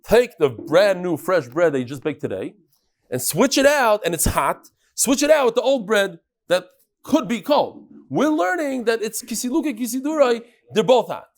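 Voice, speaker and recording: An animated man teaches a daily Talmud class. His voice sits a bit high, and he keeps turning to call on students in the room. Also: moderate pace. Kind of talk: lively Daf Yomi class.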